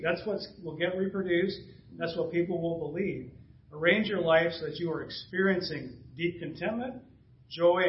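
Fifties guy pastor, chatty sermon, slightly high voice, echoey church, kinda far from the mic. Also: a little hiss or hum. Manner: conversational, chuckling asides, acts out dialogue. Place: church sanctuary. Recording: roomy, distant, dull church recording.

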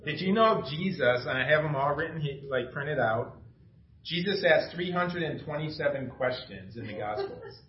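A middle-aged man with a somewhat high voice preaches in a loose, chatty way, asking the room questions. He is heard from a distance in an echoey room, and the sound is a little dull with faint background noise. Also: animated, normal speed. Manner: informal, self-deprecating, asks the room questions. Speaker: pastor. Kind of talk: conversational sermon. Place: small church room.

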